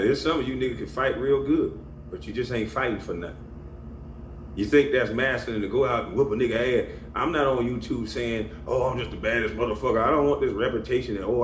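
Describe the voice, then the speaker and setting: A man giving a confrontational, scolding rant to camera as a YouTuber, stressing his points with emphasis. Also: on the low side. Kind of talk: ranting monologue to camera. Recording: echoey room with faint background hum.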